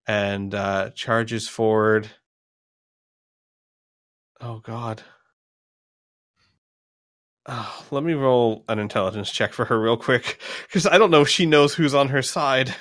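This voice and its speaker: A man's voice: fairly low pitch, no room sound, studio quality. A man narrating combat as game master of a tabletop game, rambling and laughing as he counts out damage. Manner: rambling, laughs between lines, counts out loud.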